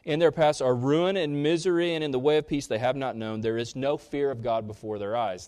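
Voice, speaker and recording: A man preaching a sermon, rising sharply in pitch and loudness on key points and dropping low between them. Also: normal speed. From Kansas. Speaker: pastor.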